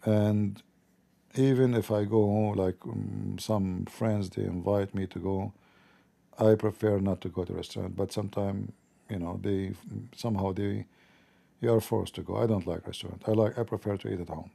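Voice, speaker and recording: Gravelly, dark-voiced man chatting on stream. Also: lowish voice, steady tone, normal speed. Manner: rambling, joking, talks to viewers. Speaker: live stream host. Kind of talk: casual live-stream chat.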